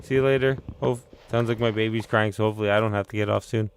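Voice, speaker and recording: A man's voice: on the low side, steady tone, fast talker, slight background noise. A young man, chatting casually on a live stream and rambling through a story in an easygoing way. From Canada.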